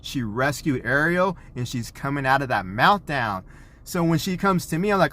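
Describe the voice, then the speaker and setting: Dad telling a story to camera, lively and animated, acting bits out, mid-pitched. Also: male voice, a little fast. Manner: animated storyteller, acts out scenes. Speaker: parent. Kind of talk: storytelling vlog.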